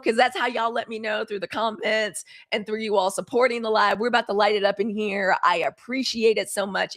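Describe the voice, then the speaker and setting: A middle-aged woman with a Mississippi Southern accent, her voice sitting a bit high. She hosts a live-stream news commentary, blunt and fired up, swearing freely and calling her viewers "y'all". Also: fairly bright tone. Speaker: live news show host.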